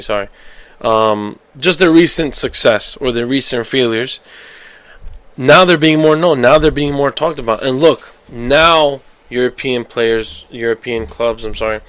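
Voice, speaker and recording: A man hosting a casual solo soccer podcast, rambling and animated, flaring into heated outbursts. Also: medium pitch, dry recording. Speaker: podcast host.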